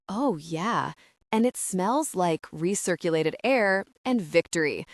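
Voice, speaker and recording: A woman's voice: fairly low pitch, animated, takes it slowly, dry recording, studio quality. A woman voicing a wry, teasing male teammate. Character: male baseball player's teammate, playful.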